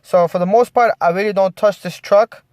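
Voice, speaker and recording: Man, casual vlog rant, rambling delivery, slightly high voice, dry sound. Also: steady tone, normal speed, a little mellow, no echo. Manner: rambling, many restarts. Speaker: vlogger.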